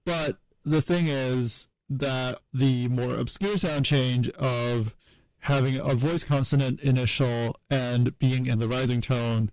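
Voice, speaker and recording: A man on a live stream explaining historical sound changes off the cuff, halting often and correcting himself as he thinks aloud. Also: mid-range voice, steady tone, darkish tone, no echo, rough recording. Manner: halting and hesitant, many fillers and self-corrections.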